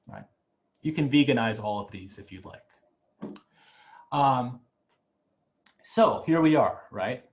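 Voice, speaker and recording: A man's voice: medium pitch, lively intonation, takes it slowly, long pauses, muffled recording. A man teaching an online music class, talking in a loose, chatty way and often checking in with "right?". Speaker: music professor. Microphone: video call.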